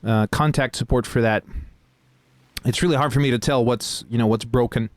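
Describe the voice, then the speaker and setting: A man's voice: mid-range voice, normal speed, no echo. A man hosting a live game stream, chatting casually while he plays, with lots of fillers and laughter. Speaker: host and game narrator.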